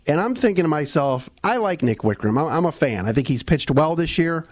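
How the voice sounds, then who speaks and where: A man co-hosting a casual sports podcast, talking in an animated, rambling way with restarts and fillers. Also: a little high, a little fast, dry recording. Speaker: podcast co-host.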